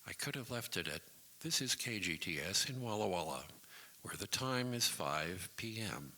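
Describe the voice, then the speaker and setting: An older man in his sixties tells a dry, funny anecdote from a community hall stage. His low voice is bright and swings widely in pitch. He drops into mock announcer voices now and then. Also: animated, moderate pace. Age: 60s. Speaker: variety show storyteller.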